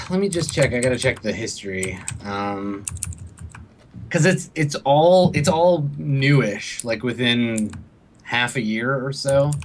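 A man's voice: mid-range voice, a little hiss or hum. A man running a tabletop game as game master, narrating with many hesitant fillers.

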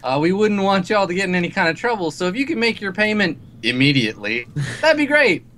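A man's voice: high voice, very animated, quick pace, a bit bright, a little hiss or hum, pitched above the performer's own voice. A man voicing a corny cowboy in a corporate debt-collection message, folksy, drawling and falsely friendly.

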